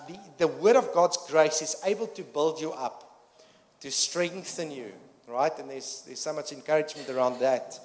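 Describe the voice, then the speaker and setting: Earnest male preacher in echoing hall. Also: fairly high pitch. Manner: earnest, frequent restarts and fillers, rising emphasis. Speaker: pastor. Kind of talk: sermon. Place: church hall. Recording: long reverb of a church hall.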